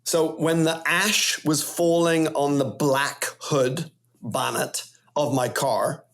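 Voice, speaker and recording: A middle-aged Welsh man telling stories as a podcast guest, animated and rambling in casual chat. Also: medium pitch, gravelly. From Wales.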